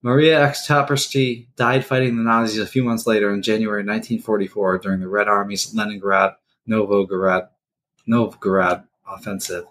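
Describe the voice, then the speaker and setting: A man's voice: on the low side, little pitch movement, normal speed, fairly bright tone. A man co-hosting a casual podcast, reading a history story aloud and laughing at his own slip-ups. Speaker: podcast co-host.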